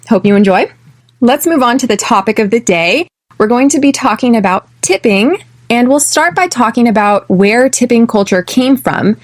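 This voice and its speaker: A young American woman from California, hosting an English lesson podcast and speaking clearly and deliberately, slowing down for drills. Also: medium pitch. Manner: clear, deliberate, slows for repeat-after-me drills. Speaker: podcast host, English teacher.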